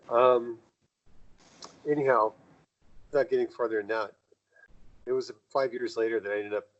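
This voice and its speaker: A man's voice: fairly even intonation, measured pace, highs cut off. A man, a guest in an interview, telling long rambling stories in a casual way and acting out the people he quotes. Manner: rambling, acts out quoted dialogue with jumps in pitch. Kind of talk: casual conversational storytelling.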